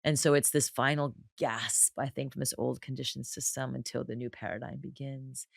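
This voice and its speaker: A woman's voice: extremely low pitch, steady tone, normal speed, dry recording, studio quality. A woman entrepreneur talking animatedly as a podcast guest, emphatic, restarting and repeating words as she goes. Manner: drops into soft, breathy quoted voices. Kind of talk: casual conversational interview.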